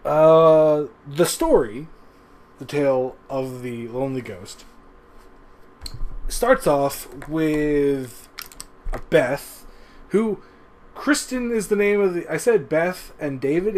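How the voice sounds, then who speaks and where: A man's voice: on the high side, darkish tone, a little hiss or hum. A man giving a casual, rambling review of an old TV episode into a webcam, swearing often and chuckling as he goes. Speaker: show reviewer. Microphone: webcam recording.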